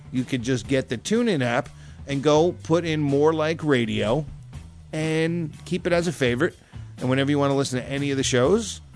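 A man co-hosting a comedy podcast, chatting loosely with lots of ums, uhs and swearing. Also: fairly high pitch. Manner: loose, profane, filler-heavy. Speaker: podcast co-host. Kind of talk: casual comedy podcast chat.

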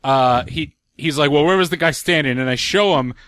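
A man's voice: a little high, moderate pace, dry recording, clean studio sound. A man on a casual podcast, telling a story with lots of laughter and putting on voices for the people in it. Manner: animated storyteller, laughs often, puts on voices for quotes.

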